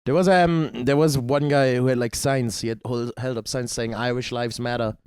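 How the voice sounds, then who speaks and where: A man's voice: medium pitch, steady tone, normal speed, darkish tone, clean tone, dry recording, studio quality. A man co-hosting a podcast in casual chat, joking and swearing as he tells festival stories. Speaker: podcast co-host.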